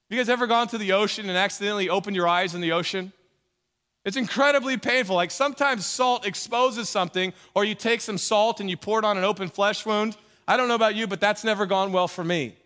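A pastor delivering a sermon in a conversational way, mixing emphatic points with jokey asides. His voice is high and bright, and the long reverb of a church hall rings around it. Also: quick pace.

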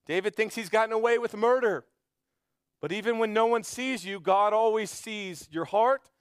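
A man preaching a sermon, retelling a story dramatically and swinging between loud emphasis and hushed intensity. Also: sits high, clean tone, no echo. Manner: storytelling preacher, acting out quoted voices. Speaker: pastor.

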